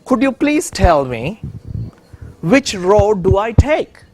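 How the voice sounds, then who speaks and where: A man's voice: high voice, very animated, takes it slowly, darkish tone, exaggerated voice. A man voicing a lost young girl while retelling a fairy tale in a lecture. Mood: pleading.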